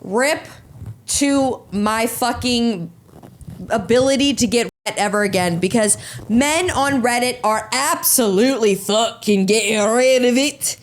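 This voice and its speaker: A young woman hosting a solo podcast, reading out and mocking stories with sarcastic, crude commentary and quick impressions. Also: fairly high pitch. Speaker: podcast host.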